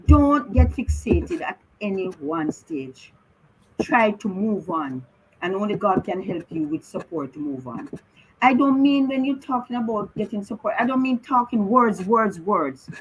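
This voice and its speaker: A woman's voice: mid-range voice, a little hiss or hum, rough recording. A middle-aged woman speaking on the radio as a bereaved mother, earnestly and repetitively urging listeners. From Jamaica. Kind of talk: emotional radio talk.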